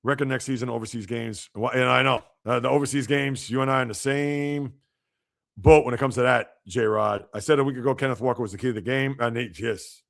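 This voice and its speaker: A man hosting a live sports podcast, reacting to news and reading out viewer comments in an animated, chatty way. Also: mid-range voice, a little fast, gravelly. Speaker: podcast host.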